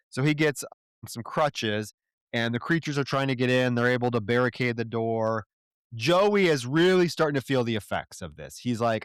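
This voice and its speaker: A man's voice: medium pitch, expressive, normal speed, smooth, no room sound, studio quality. A man co-hosting a podcast, casually recapping a movie's plot, slipping into characters' lines and trailing off into shrugs. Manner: laid-back, trails off into shrugging asides. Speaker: podcast co-host.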